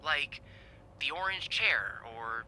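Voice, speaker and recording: An actor playing a friendly young male hotel receptionist in a game, joking and slipping into a hushed, conspiratorial whisper. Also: on the high side, animated, slow pace, slight background noise, exaggerated voice, rough recording. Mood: playful.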